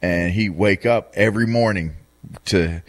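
Slow-talking low-voiced man. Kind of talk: casual chat.

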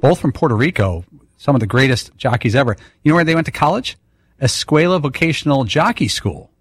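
A husky man co-hosts a talk radio show, dropping wry quips with a lively, bouncing pitch. His voice sits dry and close on the mic. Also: a little fast, no echo. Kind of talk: casual radio show chat.

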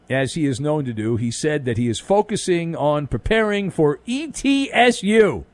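A man's voice: a little high, dry recording. Sports radio guy doing a late night rant, cracking jokes, voice bouncing all over, dry close studio sound. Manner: wisecracking, animated, punchy delivery with jokes and pop-culture riffs. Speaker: radio show host. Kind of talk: overnight sports talk radio monologue.

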